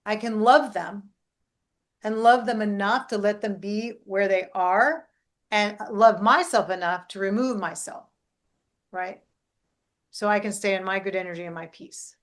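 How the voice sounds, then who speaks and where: Animated middle-aged woman coaching. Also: mid-range voice, a little slow. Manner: animated, keeps adding "right?". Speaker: life coach and podcast host. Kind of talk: casual coaching chat.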